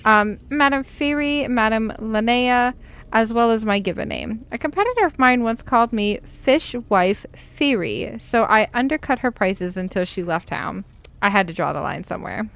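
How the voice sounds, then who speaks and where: A woman's voice: a little high, expressive, normal speed, gravelly, fairly bright tone, clear, resonant tone. Woman voicing a prim, haughty elf merchant. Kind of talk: reading a game letter aloud.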